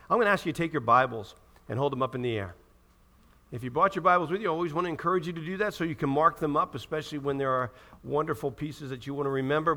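A man's voice: mid-range voice, pushed and bright. A man preaching a sermon to his church, asking the congregation questions. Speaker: pastor.

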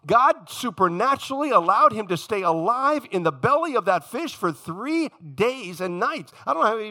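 A man preaching a sermon in church, animated and emphatic, acting out the voices of the story he retells. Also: high voice. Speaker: pastor. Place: church sanctuary.

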